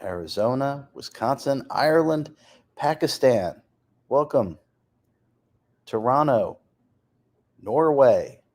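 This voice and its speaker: A man hosts a casual live stream, greeting viewers and reading their messages aloud. His voice sits in a middle pitch but jumps around a lot as he talks. He laughs easily between remarks. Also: slow, pauses often. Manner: lively, reads off places and names, laughs often. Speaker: author hosting a live stream.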